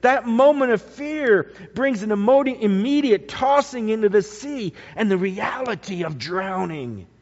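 A high-voiced man preaches slowly and deliberately, swinging between loud and hushed tones. His sermon carries a long hall reverb. The recording sounds dull and lo-fi. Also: lively intonation.

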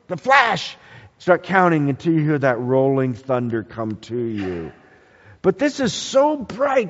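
A man preaching a sermon, animated, asking the congregation questions. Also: high voice. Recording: echoey hall, dull lo-fi sound.

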